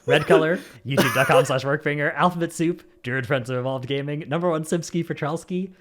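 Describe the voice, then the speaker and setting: A man's voice: a little high, fairly quick, background noise. A man hosting a gaming podcast, reading out supporter names in an easygoing way with jokey asides. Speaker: podcast host. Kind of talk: casual gaming podcast chat.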